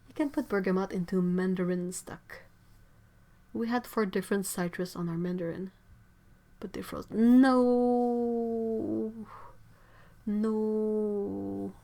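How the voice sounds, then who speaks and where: A woman's voice: fairly low pitch, normal speed. Chatty woman streaming from her studio. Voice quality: chatty, giggly, trails off into soft asides. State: stuffy nose. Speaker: livestream host. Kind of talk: casual livestream chat reading viewer comments. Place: home art studio.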